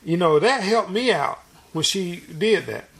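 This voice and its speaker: A man's voice: high-pitched, lively intonation, a little slow, gravelly, fairly bright tone. A man preaching a sermon in an earnest, folksy, repetitive way, restarting his phrases often.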